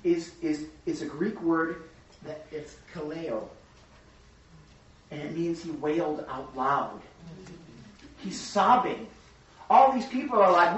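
A man leading a group Bible study, teaching excitedly and acting out voices of the crowd as he goes. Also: on the high side. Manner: excitable, acts out crowd voices, talks fast in bursts. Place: room with a small study group. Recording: echoey room, distant mic, dull lo-fi sound.

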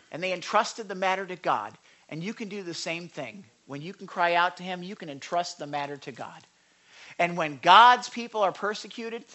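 A preacher giving a sermon, emphatic and conversational, swinging between loud declarations and hushed asides. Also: mid-range voice. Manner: conversational with repeated asides and restarts.

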